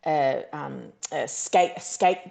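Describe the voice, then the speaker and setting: A woman's voice: low voice, a little slow, gravelly, darkish tone. A middle-aged woman, an actor, chatting in a casual interview, self-deprecating and laughing, with many fillers and restarts. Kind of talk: casual video-call interview.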